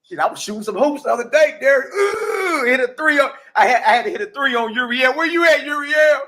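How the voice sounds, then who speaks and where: A man in his forties giving a casual, preachy testimony as a livestream host, slangy and animated, often asking "you dig?". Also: very high-pitched, quick pace. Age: 40s.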